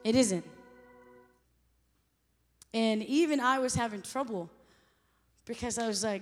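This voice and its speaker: A woman's voice: on the high side, slow, long pauses. Woman preaching in a reverberant church hall. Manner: impassioned, rising to loud emphatic peaks, then chatty and self-joking. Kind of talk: sermon.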